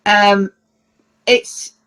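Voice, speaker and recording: This Scottish professional wrestler stretches out her words in a slightly bright voice. She's a guest in an interview, casually swapping funny anecdotes and laughing a lot.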